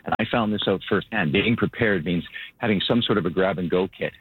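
A man speaking as a local government spokesperson, out of breath and earnest, rambling with halting restarts. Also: low voice, husky, no room sound. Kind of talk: phone interview. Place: outdoors at his vehicle. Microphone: phone. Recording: tinny phone line.

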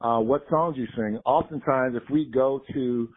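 A man who directs gospel choirs talks through his work as an interview guest, relaxed and reflective. His voice sits in an ordinary middle register. It comes through thin and tinny, like a phone call. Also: mid-range voice, measured pace, breathy edge. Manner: relaxed, reflective, says "right?" often.

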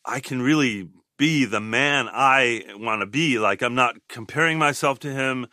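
A man in his sixties talks things through slowly and openly as an interview guest, often stopping to restart a thought. His voice has a bright, forceful edge. The recording is dry and close. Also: medium pitch, dry recording. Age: 60s. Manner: thoughtful, halting, with frequent restarts. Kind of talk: reflective interview talk.

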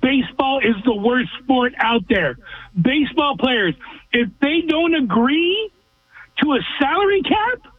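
A man's voice: very high-pitched, lively intonation, measured pace, no room sound. A man from Southern California calling in to a sports radio show, with blunt and emphatic opinions. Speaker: regular caller. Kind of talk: call-in sports talk radio. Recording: tinny phone line, dry.

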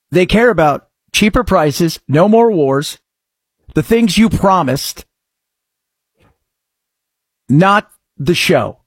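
A man hosting a satirical political commentary show, sarcastic, breaking into mock-shouted outbursts. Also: high voice, breathy edge, no room sound, clean studio sound. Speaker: show host.

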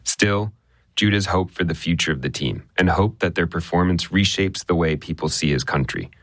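A male radio reporter narrating a news story in a measured, conversational way. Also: sits low, no echo, clean studio sound.

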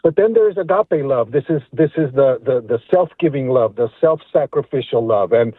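Middle-aged male caller: phone-line sound, earnest, halting and reflective. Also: medium pitch, lively intonation, slightly rough, dry recording. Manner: earnest, reflective, repeats words as he thinks. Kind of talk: phone call to a radio show.

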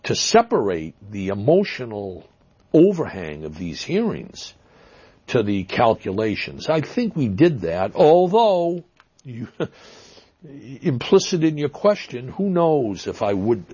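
Husky Boston-accented man, lively pitch. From Massachusetts. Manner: halting, many fillers and restarts, emphatic stresses. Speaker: interview guest. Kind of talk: reflective interview answers. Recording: dull lo-fi audio.

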